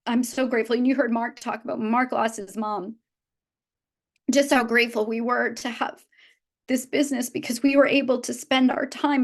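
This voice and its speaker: A woman in her fifties addresses her business team at a live event with a slightly high voice. She speaks earnestly and from the heart, often breaking off and restarting her sentences. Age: 50s. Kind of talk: motivational talk to a live audience. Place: event room with a live audience.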